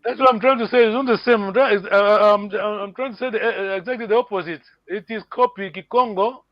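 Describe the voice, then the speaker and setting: High-voiced man teaching a language lesson. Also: a little fast, dull audio, soft background music. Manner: patient, repeats words, asks "yeah?" to check understanding.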